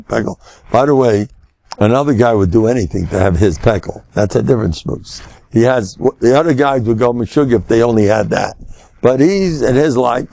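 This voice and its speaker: An older American man, a rabbi, giving a lively Torah lecture on faith, storytelling with sudden high exclamations and Yiddish and Hebrew words mixed in. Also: creaky.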